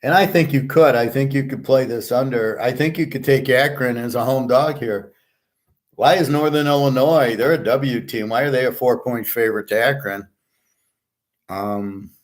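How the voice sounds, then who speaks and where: A man hosting a sports-betting show, talking through his picks in a blunt, rambling, profane way. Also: medium pitch. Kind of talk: casual betting picks talk.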